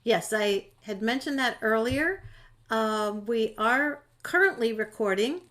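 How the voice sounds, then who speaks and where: A woman's voice: on the high side, expressive, slow, fairly bright tone. A woman moderating a panel discussion over a video call, chatty and friendly, with fillers and restarts.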